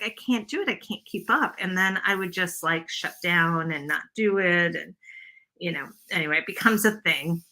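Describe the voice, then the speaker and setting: A woman's voice: mid-range voice, bright, forceful tone. A woman hosting a casual craft livestream, rambling and self-deprecating as she chats with viewers. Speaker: craft video host.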